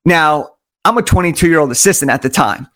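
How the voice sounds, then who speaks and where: A man telling stories as an interview guest, energetic and enthusiastic, stressing his points through repetition. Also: fairly high pitch, fairly quick. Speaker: podcast guest. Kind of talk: conversational storytelling.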